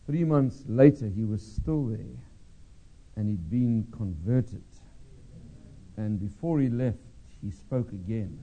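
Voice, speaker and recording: Male preacher, sermon delivery, very dark mellow voice, pausing storyteller. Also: on the low side, poor audio. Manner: storytelling, pausing, with hesitant fillers.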